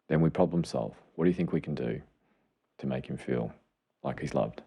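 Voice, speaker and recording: A middle-aged man with a very deep, gravelly, dark voice. He co-hosts a podcast and explains things earnestly and with open enthusiasm, in a casual tone. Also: brisk. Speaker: podcast co-host, clinician. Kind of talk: casual chat.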